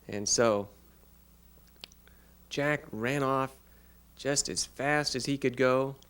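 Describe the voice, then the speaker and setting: A man interpreting a child's signed story aloud, narrating a fairy tale in an unhurried, halting way with pauses. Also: mid-range voice, a bit bright, clear, resonant tone. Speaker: sign language interpreter voicing a child.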